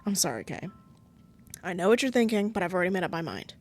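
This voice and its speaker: A woman voicing a quiet, resigned young man. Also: fairly low pitch, very animated, fast talker, soft background music. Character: gentle, guilt-ridden young male crewmate.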